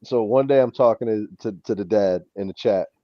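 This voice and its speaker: A man hosting a casual chat, telling stories in an animated way and saying "bro" a lot. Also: on the low side, moderate pace, dry recording, highs cut off. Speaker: show host.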